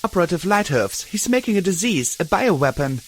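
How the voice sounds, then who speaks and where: A man voicing a gentle young mare pegasus who speaks in a brittle, pleading way, pitched well above his own voice. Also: moderate pace, a little hiss or hum, natural voice.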